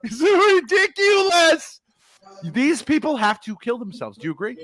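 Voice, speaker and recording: A man's voice: high-pitched, very animated, quick pace. Blunt, mocking middle-aged man. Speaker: stream guest. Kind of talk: casual stream chat.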